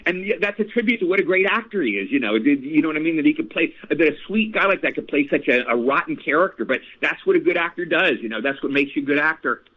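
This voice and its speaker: A man in his sixties, an actor guest telling stories in a casual interview, animated and repeating phrases. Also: a little high, quick pace, few pauses. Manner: animated, repeats phrases, addresses host by name. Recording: tinny phone line.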